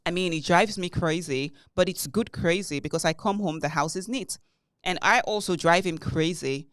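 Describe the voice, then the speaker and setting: A woman co-hosting a podcast in casual chat, animated and telling stories with heavy emphasis. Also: lowish voice, moderate pace, dry recording. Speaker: podcast co-host.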